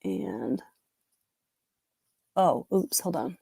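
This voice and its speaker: This middle-aged woman's voice is lowish, warm and creaky with a breathy edge, delivered very slowly but animatedly in a dry room. She's hosting a live trivia stream, chatty and upbeat, often cutting herself off mid-sentence.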